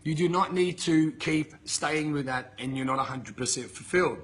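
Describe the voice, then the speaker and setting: A man coaching his viewers with a blunt, profane, emphatic rant. His voice sits a little high for a man and has a bright, forceful edge. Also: normal speed, slightly rough. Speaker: motivational coach. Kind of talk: motivational talk to camera. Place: filmed in Bali with a camera operator.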